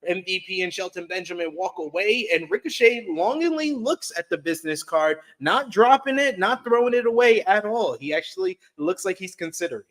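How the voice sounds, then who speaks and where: A man co-hosting a wrestling review, recapping events calmly, defending his opinions and reading out chat comments. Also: high-pitched, fairly quick, few pauses. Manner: calm, defends his view, laughs, reads chat comments. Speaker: co-host. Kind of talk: casual podcast recap.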